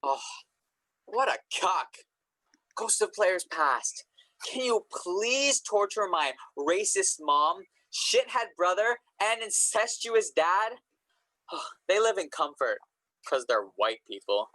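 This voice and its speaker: An actor playing a rebellious young adult in an amateur comedy sketch, with a sarcastic deadpan. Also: mid-range voice, slow pace, no room sound, heavily acted. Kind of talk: amateur comedy sketch over video call.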